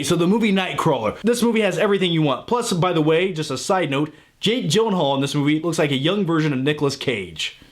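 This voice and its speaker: A man hosting his own channel, giving a casual, enthusiastic movie review that rambles and swears now and then. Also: high voice.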